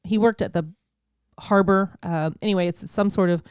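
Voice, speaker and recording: A woman podcast host telling a story in a casual, animated way, laughing often and acting out the people she quotes. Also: on the low side, quick pace, clear, resonant tone, no echo, studio quality.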